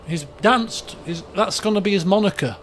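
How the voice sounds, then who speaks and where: A man's voice: high voice, moderate pace, a bit bright, slight background noise. A man hosting a game roleplay, reading story passages and chatting offhand in a rambling way, often restarting his sentences. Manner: switches between reading story text and offhand chat. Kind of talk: casual let's-play roleplay narration.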